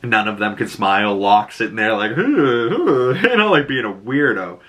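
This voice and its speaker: Boston guy, casual recap host, lively and profane, bright forceful tone. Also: lowish voice, normal speed, lo-fi sound. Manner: animated retelling with profanity and acted-out quotes.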